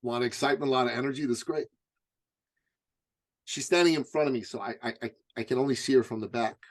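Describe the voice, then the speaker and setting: A man's voice: medium pitch, fast. A middle-aged man, a guest in an interview, telling a personal anecdote vividly and often restarting with stammered "I, I".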